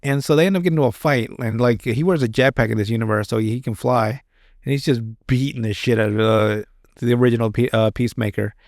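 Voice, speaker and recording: A man chats on a podcast in a loose, rambling way. He swears freely and restarts his sentences often. His voice sits at an ordinary middle pitch and sounds close and dry, with no room behind it. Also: quick pace, darkish tone, dry recording. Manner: rambling and profane, with many restarts. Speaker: podcast host. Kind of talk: casual chat.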